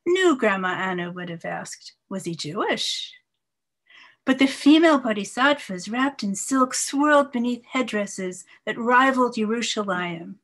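A woman in her seventies, a poet, reading her poems in a measured, expressive way and chatting casually between them. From New York, USA. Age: 70s. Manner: measured, expressive reading, soft voice dropping low on some lines. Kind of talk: poetry reading with casual asides.

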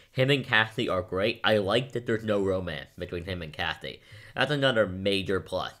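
A man's voice: lowish voice, a bit bright. A man giving a casual, rambling movie review straight to camera at home, chatty and full of "like," sometimes acting out quotes. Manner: chatty, rambling, uses "like" a lot, acts out quotes.

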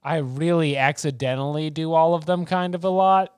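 Excitable jokey man, comedy podcast co-host, slightly high voice, dry close mic. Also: normal speed, clean tone, dry recording. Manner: excitable, jokey, plays soundboard clips. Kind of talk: casual comedic chat.

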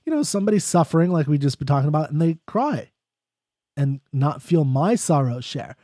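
A man giving a casual spoken lecture on a poem, thinking aloud in a conversational way and reading verse lines slowly. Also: on the high side, lively intonation, warm tone, dry recording, clean studio sound. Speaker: poetry explainer.

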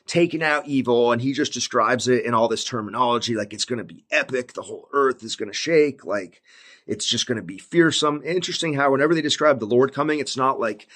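A man's voice: medium pitch, a bit bright, husky. A man talking through a book of the Bible in a casual, laid-back way, full of "like" and "basically". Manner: slows down when reading old scripture aloud. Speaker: Bible commentator. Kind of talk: casual Bible study talk.

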